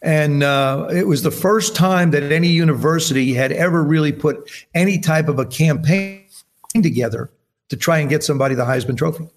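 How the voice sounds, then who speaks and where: Faint music sits behind this slightly high, moderately paced voice of a New Jersey man in his seventies. He's a podcast guest telling stories casually, animatedly performing the dialogue he quotes.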